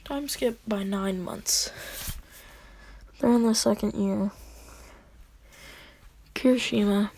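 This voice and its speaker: Woman rambling thru a fan story, slow and kinda husky, gravelly edges. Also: mid-range voice, fairly even intonation, darkish tone. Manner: rambling storyteller, slips into whispers and quick voices. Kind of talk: casual fan story narration.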